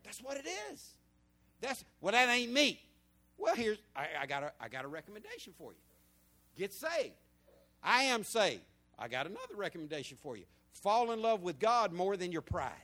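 High-voiced preacher in his fifties. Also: brisk. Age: 50s. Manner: animated storytelling preaching, swinging between loud and hushed. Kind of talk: sermon.

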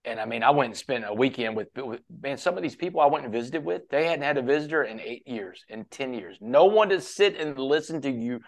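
A man's voice: medium pitch, expressive, brisk, creaky, few pauses. Casual storytelling man. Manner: quotes others at length, casual, says "man" often. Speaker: podcast guest. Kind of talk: conversational storytelling.

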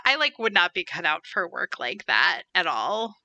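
A woman's voice: fairly low pitch, big pitch swings, moderate pace, pushed and bright, no echo. A woman co-hosting a podcast, chatting casually with lots of "like" fillers. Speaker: podcast co-host. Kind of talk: casual chat.

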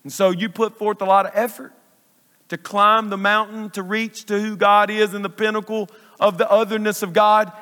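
A male pastor with a high-pitched, fairly bright voice preaches a sermon in a church sanctuary. He's emphatic and repeats phrases for stress, and the large hall adds a long reverb.

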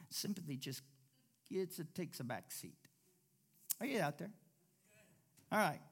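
A male pastor delivering a lively sermon in a high, bright voice. He drops into low, quiet asides, then bursts into loud declarations. When he quotes people, he slips into whiny, mocking voices. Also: slow, gravelly, husky. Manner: animated, swings between low asides and loud exclamations.

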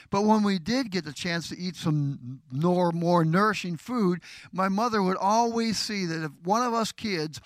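A middle-aged man preaching a sermon as pastor, with a slightly raised pitch. He speaks earnestly and personally, and the sound is dry and close. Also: moderate pace, no echo. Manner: tender, heartfelt tribute to his wife.

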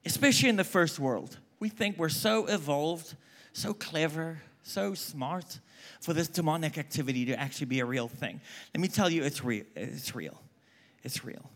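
A middle-aged man from South Africa with a South African accent blended with American, preaching an emphatic sermon that swings between loud calls and quiet asides. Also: a little high, moderate pace. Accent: South African, mixed with American.

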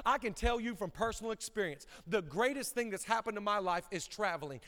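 A male pastor preaching a sermon, swinging between loud bursts and quick, low asides. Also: expressive, long reverb tail. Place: church auditorium.

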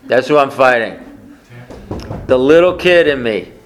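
A man's voice: medium pitch, expressive, measured pace, slight background noise. A man preaching a conversational sermon, often asking the congregation questions. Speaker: pastor.

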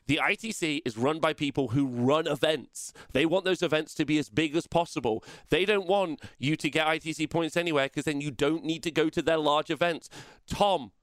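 A man's voice: a little high, moderate pace, fairly bright tone, no room sound. A man co-hosting a live-streamed gaming chat show, ranting, swearing and joking. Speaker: podcast co-host.

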